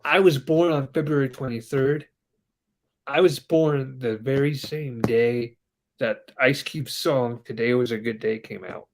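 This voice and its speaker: A man's voice: medium pitch, unhurried, noisy background. A man in his twenties co-hosting a casual wrestling chat, telling stories and acting out quotes. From Denver, Colorado. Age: 20s. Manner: animated storyteller, acts out quotes. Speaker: podcast co-host.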